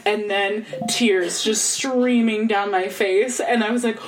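Excitable young woman chatting casually. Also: mid-range voice, slow pace. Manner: excitable, swears, laughs often. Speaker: podcast co-host. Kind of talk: casual chat. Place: room at home, recording remotely.

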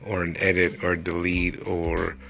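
A man's voice: low-pitched, measured pace, gravelly, faint music behind. A young man, rambling and joking through a casual solo podcast. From Texas. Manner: rambling, joking, animated asides. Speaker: podcast host.

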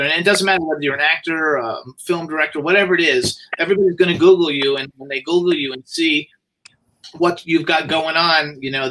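A man's voice: a little high, bright, forceful tone, a little hiss or hum, low-quality recording. A man who co-runs a PR agency, talking in a loose, rambling way full of fillers during a livestream interview. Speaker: PR agency co-owner.

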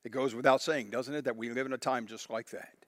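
A male pastor preaching a sermon, emphatic and animated as he reads scripture aloud with dramatic emphasis. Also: medium pitch, quick pace, no echo, studio quality.

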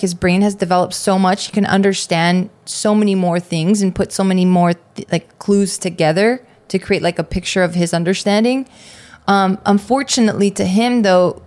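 A woman's voice: medium pitch, steady tone, normal speed, a little mellow. A woman co-hosting a podcast, chatting casually about parenting, swearing freely, with lots of fillers. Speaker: podcast co-host.

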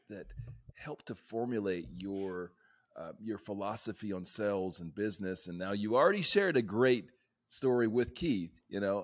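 Deep-voiced enthusiastic podcast host. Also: male voice. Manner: enthusiastic, playful hype. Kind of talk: casual podcast interview.

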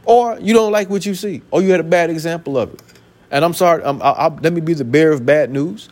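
A male pastor delivering a sermon with a lively, swooping delivery that leaps up high on his key lines. He sits a little above the usual male pitch, punches his points with repeated phrases and pointed rhetorical questions, and keeps his speech casual and folksy. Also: fast talker. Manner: colloquial, folksy preaching.

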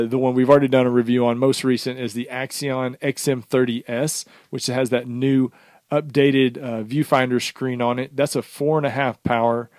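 A man's voice: medium pitch, a little mellow, no echo. A man co-hosting and producing a review show, talking casually, teasing his partner and rattling off product specs into a close desk microphone. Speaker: show co-host and executive producer.

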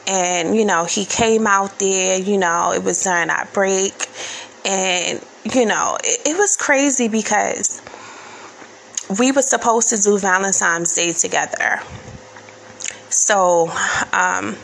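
A woman's voice: medium pitch, slow pace, vocal fry, a bit bright, a little hiss or hum, low-quality recording. A woman, telling personal stories in a casual vlog, candid and rambling, full of fillers and curse words.

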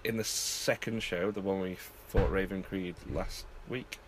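A male interviewer with a fairly low voice, asking loose, rambling questions in a relaxed chat. A faint hiss runs under the recording. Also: moderate pace.

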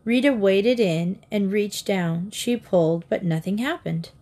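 Slow, measured woman storyteller. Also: mid-range voice, warm tone. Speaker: audiobook narrator. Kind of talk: storybook narration.

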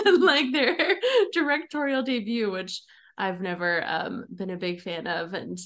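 A woman's voice: medium pitch, unhurried, fairly bright tone. Giggly chatty young woman podcast host. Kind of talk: casual chat.

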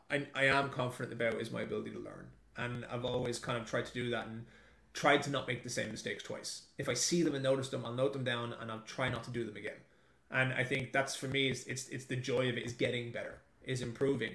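A man's voice: mid-range voice, a bit bright. A man being interviewed as an author, talking in a chatty, emphatic way and laughing often. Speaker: author guest. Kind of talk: casual interview chat. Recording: echoey room.

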